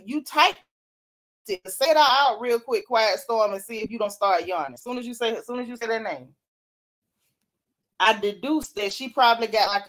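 A woman hosting a casual chat, reading out comments from viewers and laughing often. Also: on the high side. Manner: animated, laughing, Southern-style slang. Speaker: host.

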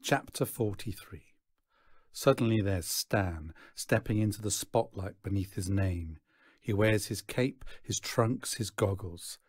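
A man reading a children's novel aloud in slow, measured narration. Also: fairly low pitch, husky, no echo, studio quality. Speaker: reader. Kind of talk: storybook read-aloud.

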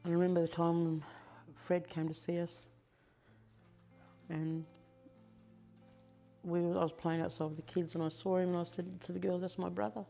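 An older Australian woman quietly recalling her past in a documentary interview, halting and reflective. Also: fairly low pitch, level tone, creaky, soft background music.

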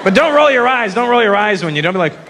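During a stand-up set in front of a live crowd, this man's high voice is very animated and quick. He teases the audience in a brash, profane way, and the live stage mic catches plenty of crowd noise.

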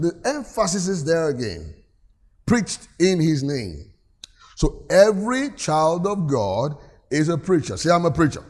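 A man's voice: a little high, very animated, a little slow, a little mellow. A man preaching a sermon in a church, reading scripture aloud and calling on the congregation to answer him. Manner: preaches with call-and-response, reads scripture aloud. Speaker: pastor.

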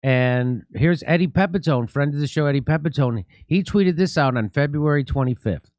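A middle-aged man hosts a political talk show in a sarcastic, mocking tone. His deadpan jokes land in a dry, close studio sound with no room echo. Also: fairly high pitch, normal speed. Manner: mocking, deadpan jokes, laughs at own lines. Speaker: host.

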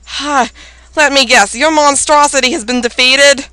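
A woman voicing a smug, scheming game villain in a low, silky, mocking voice. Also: fairly even intonation, measured pace, bright, forceful tone. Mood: smug menace.

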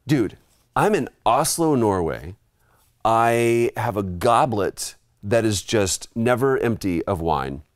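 A man telling a rambling, animated story in casual chat while playing a retro game in a studio. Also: fairly low pitch, slow pace, dry recording. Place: studio, sitting at a game console.

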